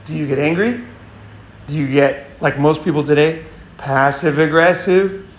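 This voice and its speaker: A man's voice: fairly high pitch, normal speed, echoey room, a little hiss or hum. A man hosting a casual advice monologue, blunt and profane, often restarting and repeating himself. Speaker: host.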